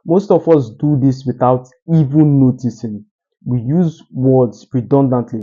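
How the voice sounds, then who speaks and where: A man talking straight to the camera with deliberate pauses, teaching how to speak more articulately. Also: medium pitch, mellow, highs cut off. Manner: deliberate, uses pauses for emphasis. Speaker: communication coach. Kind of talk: solo talking-head advice.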